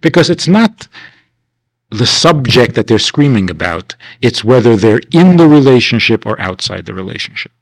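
A man's voice: mid-range voice, moderate pace, dry recording, poor audio. A man teaching a class at a winter camp in a conversational lecture style, asking rhetorical questions and acting out the people he quotes. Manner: animated, acts out the people he quotes.

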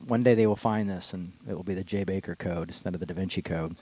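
A man's voice: sits low, warm tone, slightly rough, no echo, rough recording. Casual digressive male preacher. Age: adult with children. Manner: casual and digressive, slows down for quotations. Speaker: pastor. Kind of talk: informal sermon.

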